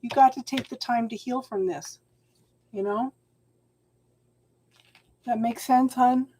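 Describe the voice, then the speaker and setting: A middle-aged woman, hosting a live tarot reading and advising viewers in a warm, encouraging way, calling them hon. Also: on the high side, steady tone, slow, breathy edge. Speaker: tarot reader and channel host.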